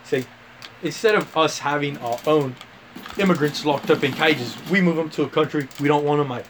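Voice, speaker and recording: A man doing a brash mock-Australian bloke, a brash loudmouth who tags every sentence with "mate". The voice sits a bit high for a man, with faint background noise. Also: moderate pace, natural voice. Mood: boastful. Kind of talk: mock-accent bit in casual chat.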